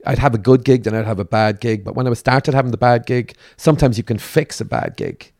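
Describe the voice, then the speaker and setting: A man's voice: medium pitch, fairly quick, darkish tone, dry recording, studio quality. A middle-aged man, a comedian guest telling stories in casual podcast chat and acting out the people he quotes. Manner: vivid storyteller, acts out the people he quotes.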